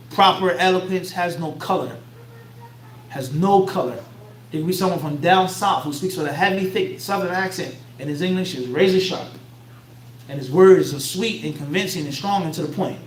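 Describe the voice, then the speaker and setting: A man with a Philadelphia accent giving an Islamic lecture to a class, bluntly streetwise, tossing out rhetorical "what?" questions for listeners to answer. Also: on the high side. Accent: Philadelphia American. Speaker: Islamic teacher. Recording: echoey room, mic far off, faint hum.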